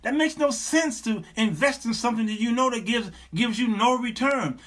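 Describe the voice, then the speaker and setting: Middle-aged male host with a bright, husky voice; animated, sermon-style advice, joking and repeating himself. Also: very high voice, normal speed. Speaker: talk show host.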